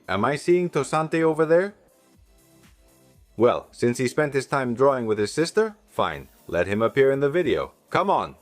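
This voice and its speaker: A man's voice: medium pitch, no room sound. A man hosting a cooking channel, chatting enthusiastically to viewers as he cooks in a home kitchen. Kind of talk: casual cooking demonstration.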